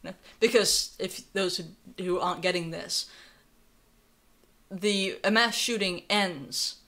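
A woman's voice: lowish voice, takes it slowly, fairly bright tone. A young woman with a North Carolina accent hosting a live stream, giving sarcastic, conversational commentary and reading viewer messages aloud. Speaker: livestream host.

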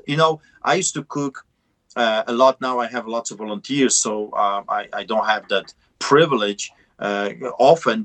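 A man's voice: medium pitch, fairly bright tone. A middle-aged man with a heavy non-native accent and broken English, a pastor preaching fervently over a call in a repetitive cadence.

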